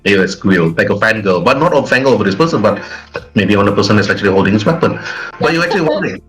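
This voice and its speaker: A man's voice: lowish voice, expressive, fast talker, fairly bright tone, soft background music, rough recording. Man running a tabletop game. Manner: casual, repeats words and restarts while describing scenes. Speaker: game master.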